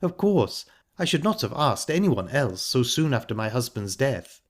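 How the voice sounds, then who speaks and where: A man's voice: medium pitch, big pitch swings, normal speed, voice pushed up. A man voicing a shallow, easily offended widowed stepmother who talks in a prim, indignant way. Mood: huffy, prim.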